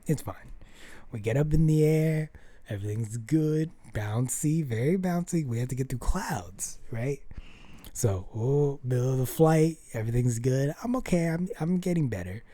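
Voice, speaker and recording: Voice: mid-range voice, animated, moderate pace, warm tone, no room sound. A vlogger telling a rambling personal story to the camera, full of fillers and restarts, often acting out what people said. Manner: rambling, filler-heavy, acts out quoted dialogue.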